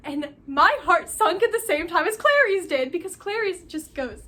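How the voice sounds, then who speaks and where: Brief: high-voiced young woman, book vlogger, bright and gushing, faint room hiss. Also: normal speed, hardly any pauses. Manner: gushing, animated, full of "like". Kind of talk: casual book review chat.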